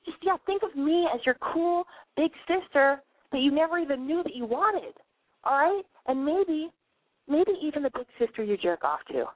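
A woman's voice: high-pitched, expressive, normal speed, no echo. A woman hosting a call-in advice podcast while sick, coughing and wheezing, talking in a brash, profane, playful way. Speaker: podcast advice show host. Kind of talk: casual call-in show monologue. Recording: phone-like narrow band.

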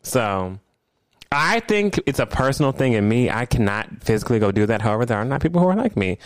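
A man co-hosting a casual podcast chat, emphatic and animated as he tells it. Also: medium pitch, fast, no echo. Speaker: podcast co-host.

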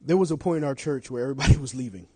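A middle-aged male pastor preaching a sermon, telling stories with big swings from shouting to hushed confession. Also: medium pitch, rapid-fire, breathy edge, no room sound.

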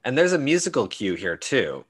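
A man's voice: medium pitch, moderate pace, slightly rough. A man co-hosting a casual show, chatting loosely with many likes and you-knows. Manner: relaxed, says like and you know a lot. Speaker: podcast co-host. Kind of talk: casual chat.

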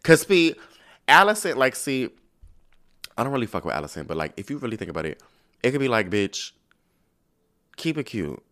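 A man hosting a podcast, giving a casual, profane, animated recap full of slang and mock quotes. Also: mid-range voice, fast, pauses often. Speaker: podcast host recapping a TV episode.

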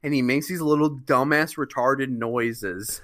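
A man's voice: mid-range voice, fairly even intonation, slow, fairly bright tone. A man co-hosting a podcast, drunk and rambling, repeating himself and laughing as he talks. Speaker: podcast co-host. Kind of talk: casual drunken chat.

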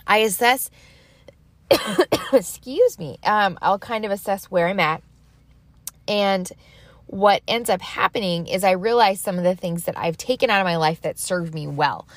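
A woman's voice: mid-range voice, animated, measured pace, long pauses, fairly bright tone, dry recording. Chatty woman in a dry close-mic recording. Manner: chatty, rambling, self-deprecating, laughs easily. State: slight allergy cough. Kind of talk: casual faith-based advice talk.

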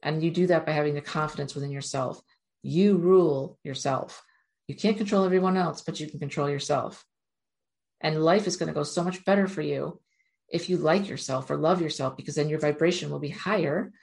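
A woman with a low, deep-set voice speaks straight to her viewers in an earnest, encouraging motivational talk. She addresses them directly and keeps urging them on. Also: fairly quick, gravelly, a little mellow. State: near tears at moments. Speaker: self-help speaker.

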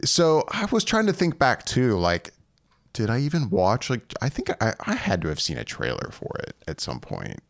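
A man's voice: medium pitch, wildly swooping pitch, normal speed, gravelly, dry recording, clean studio sound. A man co-hosting a podcast in casual chat, rambling with frequent laughs and restarts. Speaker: podcast co-host.

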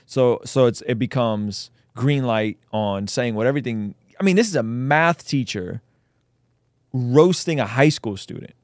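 A man co-hosting a casual reaction chat with a blunt, animated way of talking. His voice sits mid-range and sounds dry and close to the mic, with no room around it. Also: medium pitch, no room sound. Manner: blunt, animated, jokingly scolding. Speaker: co-host reacting to a clip.

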